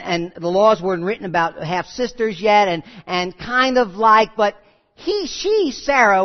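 A man preaching a sermon, telling stories with quoted voices and lively asides. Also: sits high. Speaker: pastor. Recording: muffled audio with long hall reverb.

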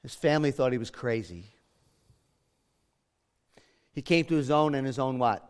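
A man preaching a sermon as pastor, moving between hushed, quiet lines and loud, emphatic ones. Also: mid-range voice, expressive, moderate pace, clean tone.

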